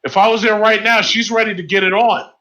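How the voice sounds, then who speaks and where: A man's voice: high-pitched, fairly even intonation, fast talker, background noise. A man in a casual group voice chat, talking bluntly and emphatically and repeating his points. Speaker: voice chat participant. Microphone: online voice chat mic. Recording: muffled lo-fi voice chat audio.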